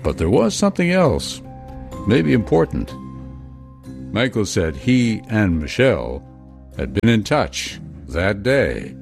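A man reading a scripted true-crime narration in a measured way, with dramatic pauses. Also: lowish voice, very animated, creaky, a little mellow. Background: music.

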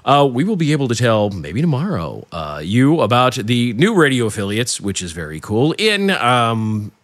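A man's voice: mid-range voice, normal speed, no room sound. A man hosting a casual political talk show, rambling and interrupting himself as he chats. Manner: lively, rambling, self-interrupting. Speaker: host. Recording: dry studio sound with faint music.

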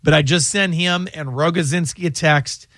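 A man's voice: on the high side, steady tone, moderate pace, a bit bright, no echo, clean studio sound. A man hosting a call-in legal advice radio show, talking in a chatty, rambling way and often restarting his sentences. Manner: chatty, rambling, self-interrupting. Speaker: radio show host and lawyer.

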